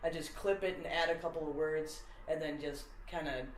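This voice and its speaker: A woman's voice: deep voice, fairly even intonation, moderate pace, echoey room, a little hiss or hum, rough recording. A woman in a casual conversation, rambling as she explains an idea and filling her talk with "like". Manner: rambling, with many fillers of "like". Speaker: podcast guest explaining a comedy idea.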